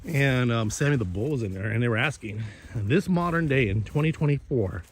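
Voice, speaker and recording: A man's voice: medium pitch, lively intonation, a little fast, a little hiss or hum. A man chatting casually while he cooks, rambling and cursing, with many restarts. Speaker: vlogger and host.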